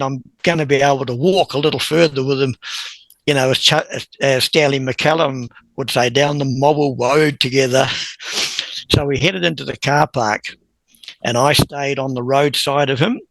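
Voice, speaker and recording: A man, a podcast guest telling a long story in a lively, chuckling way. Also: mid-range voice, no echo, poor audio. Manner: animated anecdote-teller who chuckles and clears his throat. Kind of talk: conversational storytelling.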